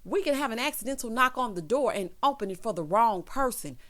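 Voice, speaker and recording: A woman recapping a TV episode in a chatty, expressive way, addressing her viewers directly. Her voice sits a little high. The talk is casual and personal. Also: brisk. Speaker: TV episode reviewer.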